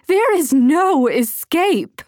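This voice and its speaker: Narrator puts on a mocking, hissing villainess, slow and gloating, dry close sound. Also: female voice, medium pitch, gravelly, mellow, slightly rough, no echo, heavily acted. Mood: menacing. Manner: taunting, hissing, singsong. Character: vengeful female villain, prowling and mocking.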